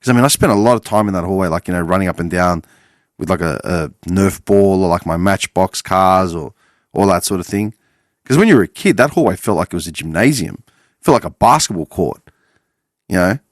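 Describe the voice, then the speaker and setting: Rambling man, swearing, low voice. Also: brisk, no room sound, clean studio sound. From Australia. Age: 40s. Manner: meandering, swears freely, self-correcting. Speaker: podcast host. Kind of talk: casual rambling monologue.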